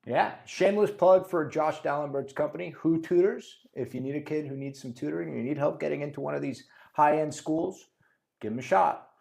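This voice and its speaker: A man moderating a real estate podcast, joking around and explaining things in a casual, lively way. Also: a little high, a little fast, creaky. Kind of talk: casual chat. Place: studio.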